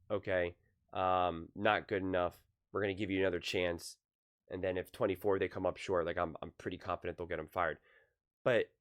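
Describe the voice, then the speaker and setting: Casual sports talker, male, mid-pitched, animated and repetitive, heavy on rhetorical questions. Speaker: sports commentator. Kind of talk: casual sports opinion monologue.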